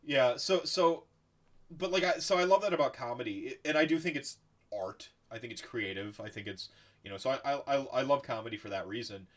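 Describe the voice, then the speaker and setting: A man hosting a casual podcast chat, animated and loose, swearing freely and restarting his sentences. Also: mid-range voice, fairly quick. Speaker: podcast host.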